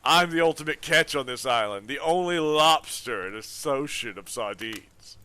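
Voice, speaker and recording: A man voicing a smug, scheming sea creature from a dating game, talking low and hushed like he's letting you in on a secret. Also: animated, normal speed, smooth, no room sound. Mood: sultry, secretive. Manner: low, hushed, seductive teasing.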